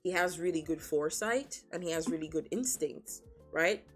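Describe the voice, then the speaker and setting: A woman's voice: low voice, moderate pace, faint music behind. A young woman streamer reading a novel aloud on a sensitive desk mic, breaking off for chatty, laughing asides and casual swearing.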